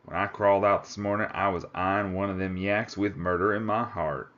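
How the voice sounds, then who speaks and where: A gruff, folksy cowboy drawls in a put-on Texas accent, as a man reading a storybook acts him out. The voice sits low and unhurried. The audio is a little muffled and lo-fi. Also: steady tone, fairly bright tone. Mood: wry. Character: gruff Texan cowboy climber, drawling, plainspoken.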